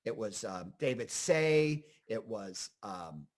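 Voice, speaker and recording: A man in his fifties from Scranton, Pennsylvania, an actor and comedian telling rambling, animated stories as an interview guest. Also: fairly low pitch, takes it slowly. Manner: animated, rambling, full of fillers and asides. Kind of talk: casual interview storytelling.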